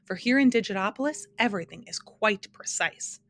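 A woman's voice: mid-range voice, animated, a little fast, fairly bright tone, a little hiss or hum, voice pushed up, close to an everyday voice. A woman voicing a fussy male math creature with twelve faces, precise and lecturing in a storybook reading.

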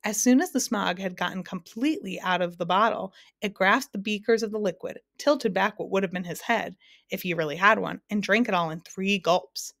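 A woman's voice: mid-range voice, normal speed, creaky, no echo, studio quality. Woman reading a storybook aloud. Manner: steady, expressive reading. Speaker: narrator. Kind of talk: storybook narration.

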